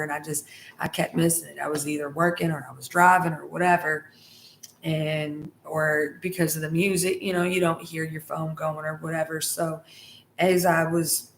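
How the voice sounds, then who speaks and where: A middle-aged woman telling a rambling story to her viewers, full of fillers and restarts. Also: low-pitched. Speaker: tarot vlogger. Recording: echoey room with faint hiss.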